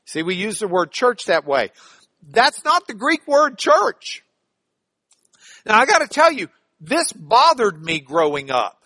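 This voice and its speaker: Man, Bible class teacher, playful lecture, high lively voice, dry recording. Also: measured pace, no echo. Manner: playful, joking, spells out words.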